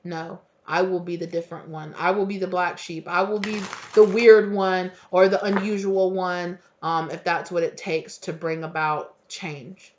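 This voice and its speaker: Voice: mid-range voice, flat delivery, a little slow, hardly any pauses, darkish tone, slight background noise. Rambling, heartfelt tarot reader, lo-fi sound. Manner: heartfelt and rambling, with many fillers and casual swearing. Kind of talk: casual spoken tarot reading.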